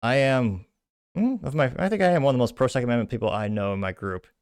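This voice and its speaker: A man's voice: medium pitch, expressive, fast, darkish tone, clean tone, dry recording, studio quality. A man from Texas hosting a political commentary show, delivering blunt, indignant rants with heavy emphasis.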